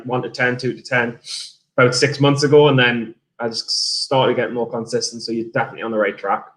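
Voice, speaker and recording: A man's voice: mid-range voice, a bit bright. A man from England with an English accent, chatting casually on a livestream about his trades and reading out viewer messages. He rambles, swears freely and often restarts his sentences. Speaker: day trader streamer.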